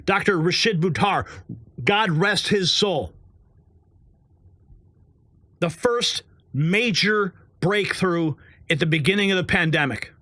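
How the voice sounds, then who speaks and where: A man's voice: high-pitched, slow, pauses often, bright, forceful tone, no room sound, studio quality. A man hosting a political commentary show, heated and sarcastic, drawing out words for emphasis. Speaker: host.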